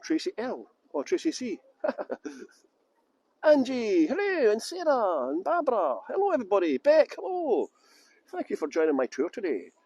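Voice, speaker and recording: A man's voice: very high voice, wildly swooping pitch, a little slow, gravelly, a little mellow, breathy edge, dull audio. A middle-aged tour guide chatting casually on a livestream outdoors in a busy city, joking and rambling as he greets viewers by name into a handheld phone.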